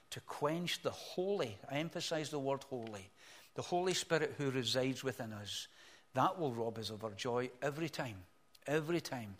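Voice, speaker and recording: An older man preaching a sermon as pastor, earnest, swelling to emphatic peaks, then dropping soft and slow. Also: fairly high pitch.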